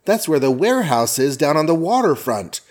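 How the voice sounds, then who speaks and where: A man's voice: a little high, big pitch swings, fairly quick, a little mellow. A man voicing a teenage male superhero in a comic recap, speaking casually and eagerly.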